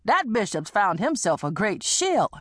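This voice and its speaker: A woman's voice: medium pitch, big pitch swings, a little slow, a bit bright, no room sound, clean studio sound, pitched below the performer's own voice. A woman reading an audiobook and voicing a brash, hard-drinking woman who teases and schemes. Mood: teasing. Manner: teasing, bawdy, persuasive.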